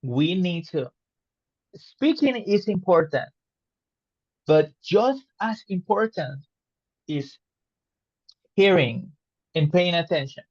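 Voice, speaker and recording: Guy teaching english online, talks super slow, keeps asking if you get it, muffled dry audio. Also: sits high, lively intonation, darkish tone, no echo. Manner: slow, patient, explaining with questions. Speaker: English tutor.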